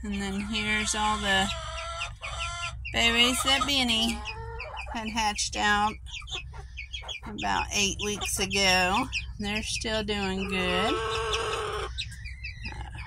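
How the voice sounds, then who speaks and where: A woman's voice: medium pitch, fairly even intonation, drawn-out words, pauses often. A woman keeping backyard chickens, talking casually and coaxing her pets and hens in a sing-song way outdoors by the coop. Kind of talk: casual farm vlog. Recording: noisy, clucking chickens behind. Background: chickens clucking and roosters.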